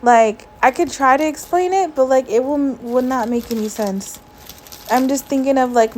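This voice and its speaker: A woman with a voice set a little high, speaking in a casual vlog voiceover while lying down at home. She sounds emotional and stressed, sighs often, and keeps reaching for "like" between her thoughts. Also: slight background noise, poor audio. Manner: soft, sighing, frequent "like" fillers. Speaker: vlogger. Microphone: voiceover mic.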